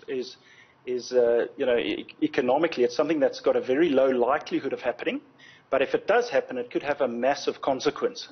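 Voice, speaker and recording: A man, an insurance executive explaining things in a TV news interview, measured and often repeating words as he thinks. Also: medium pitch, breathy edge, dull audio. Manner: measured, explanatory, frequent word repetitions. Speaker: insurance company executive, guest.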